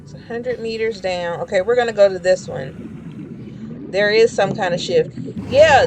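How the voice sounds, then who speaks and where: A woman's voice: medium pitch, unhurried, a little mellow, slight background noise. A woman chatting casually while streaming a game, rambling and shrieking when startled. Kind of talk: casual gameplay commentary.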